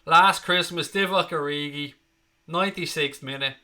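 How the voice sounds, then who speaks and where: Hosting a live football fan stream, this thirty-something Irishman reads out comments from viewers. He talks at a normal speed in a slightly high, sharp voice, and his manner is chatty and blunt, with plenty of swearing.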